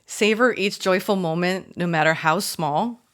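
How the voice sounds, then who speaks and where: A woman's voice: on the low side, a little slow. A woman giving a spiritual tarot reading, effusive and choked up, calling her viewers y'all. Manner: warm, effusive, emotional, addresses viewers as y'all. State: choked up, tearful. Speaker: tarot reader.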